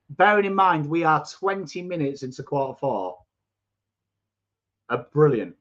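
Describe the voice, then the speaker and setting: This English watchalong host, coarse-accented, chats through a live football match, reading viewers' comments and reacting excitably with swearing and bursts of shouting. His fairly high voice is unhurried, and the lo-fi stream audio sounds dull.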